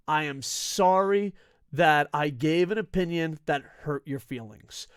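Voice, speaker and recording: Recorded at studio quality with no room sound, a high-pitched man hosts a wrestling talk stream. Talking casually to camera, he launches into animated, sarcastic rants packed with profanity.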